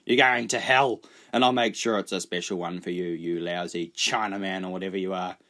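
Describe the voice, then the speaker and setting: A man's voice: low-pitched, fairly even intonation, brisk, pushed and bright. A man doing a sneering, menacing smuggler. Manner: sneering, threatening. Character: cruel bullying male people smuggler. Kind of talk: audiobook character voice.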